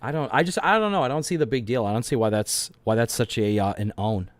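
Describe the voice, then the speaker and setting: A man with a mid-pitched voice, rambling through casual commentary with plenty of swearing and restarts. The recording is dry and close, with no room sound. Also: quick pace, dry recording.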